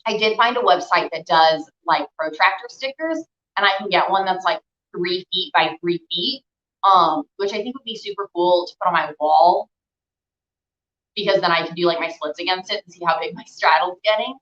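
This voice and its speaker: A young woman coaches a live stretching class in a lowish, a bit bright voice at a moderate pace. Her chatty encouragement is full of fillers, she's out of breath mid-stretch, and the echoey room makes for dull, lo-fi sound.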